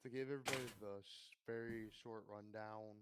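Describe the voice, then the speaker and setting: A man's voice: on the low side, fairly even intonation, a little fast, background noise. A man co-hosting a casual gaming podcast, tired from long work nights, chatty and self-deprecating. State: tired from work, sore eyes. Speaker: podcast co-host and streamer.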